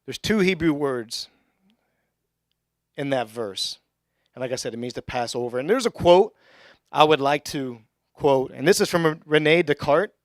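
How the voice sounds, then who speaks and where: A young adult male pastor giving a conversational sermon in a church, with joking asides and bursts of excitement. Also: a little high, unhurried, long pauses, dry recording, clean studio sound. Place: church sanctuary.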